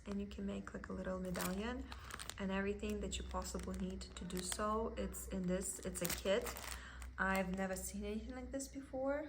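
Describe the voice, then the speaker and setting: A woman with a thick Russian accent, a vlogger chatting excitedly about her cross stitch haul at home. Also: medium pitch, slight background noise. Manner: gushing, excited, with soft giggles. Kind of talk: casual haul video.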